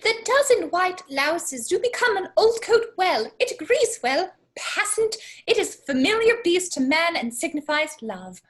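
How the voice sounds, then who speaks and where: A woman's voice: very high-pitched, measured pace, few pauses, heavily acted. A woman doing a fussy comic country parson. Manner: lively, breaks off laughing at her own accent. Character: comic fussy Welsh parson, middle-aged man. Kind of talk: casual amateur play reading.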